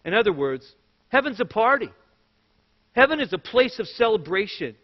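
Pastor guy preaching, high voice, lively storytelling, muffled lo-fi church recording. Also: moderate pace. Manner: animated storytelling with jokes. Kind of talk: sermon. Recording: echoey hall, dull lo-fi sound.

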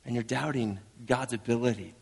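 A man's voice: mid-range voice, steady tone, fairly quick, gravelly, breathy edge, long reverb tail. A man in his thirties, a father preaching an earnest, conversational sermon with frequent restarts. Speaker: pastor.

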